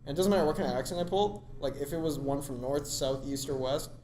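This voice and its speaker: A young Canadian man co-hosts a casual podcast chat, a touch higher than most men, and he tells his stories with a self-mocking laugh. He sounds roomy and echoey, as if recorded across a big classroom, with a faint hiss underneath. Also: fast, dark tone. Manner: laughing, self-deprecating storyteller. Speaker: podcast co-host.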